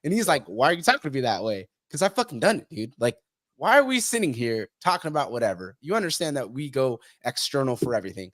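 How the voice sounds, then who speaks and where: A man's voice: mid-range voice, sing-song, fast, a bit bright, no echo, studio quality. Blunt, profane man in podcast talk. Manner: blunt, heavy swearing, acts out quoted people. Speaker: podcast guest. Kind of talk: casual podcast conversation.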